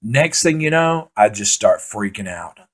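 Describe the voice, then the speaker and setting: A man doing profane, rambling comic storytelling, excitably acting out his own panic. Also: lowish voice, unhurried, breathy edge. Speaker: stand-up comedian.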